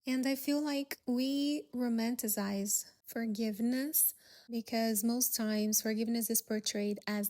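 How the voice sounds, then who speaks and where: A woman hosting a solo podcast, telling a story in a gentle, reflective way. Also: medium pitch. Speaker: podcast host.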